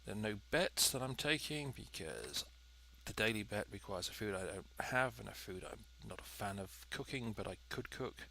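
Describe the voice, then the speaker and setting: A man's voice: fairly low pitch, lively intonation, normal speed, gravelly, hardly any pauses, pushed and bright, a little hiss or hum. A man giving chatty, dry, methodical commentary while playing a cooking game. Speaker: let's play host. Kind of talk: gameplay commentary.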